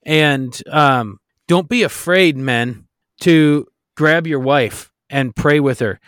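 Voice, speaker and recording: Earnest, exhorting man with a higher voice. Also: takes it slowly, a bit bright, no echo, studio quality. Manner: earnest and exhorting, with frequent restarts. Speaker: podcast co-host. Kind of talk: faith-based podcast talk.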